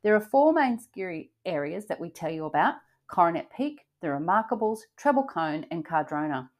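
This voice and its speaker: Older woman host, lowish voice, chatty and upbeat, casual travel podcast. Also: big pitch swings, moderate pace. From Australia. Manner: chatty, upbeat, frequent fillers and restarts.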